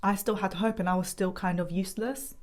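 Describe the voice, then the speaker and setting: A woman's voice: mid-range voice, fairly even intonation. Emotional young woman giving testimony. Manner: emotional, halting, with restarts and nervous laughs. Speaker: guest sharing her family's story.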